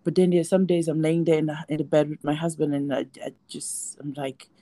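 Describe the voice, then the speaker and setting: A woman's voice: low voice, steady tone, fairly quick, dark tone, no room sound. A woman speaking candidly and reflectively as a guest in a casual panel discussion, often restarting her sentences. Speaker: guest, breast cancer survivor and advocate.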